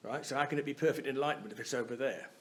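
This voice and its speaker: A man's voice: mid-range voice, racing. Chatty man giving a dharma talk. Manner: conversational, keeps checking in with "yeah?". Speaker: Buddhist teacher giving a talk. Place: Buddhist centre hall.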